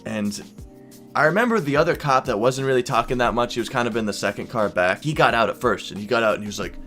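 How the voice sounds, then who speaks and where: A man's voice: mid-range voice, faint music behind. Young man telling a wild story. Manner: animated, swearing, quick bursts into quoted voices. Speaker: YouTuber. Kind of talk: casual storytelling vlog.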